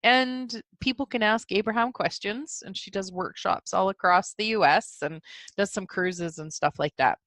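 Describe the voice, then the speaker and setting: A woman's voice: medium pitch, moderate pace, a bit bright, no echo. A middle-aged woman hosting her own podcast, talking in a chatty, enthusiastic, rambling way with lots of fillers. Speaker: podcast host. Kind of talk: solo casual podcast monologue.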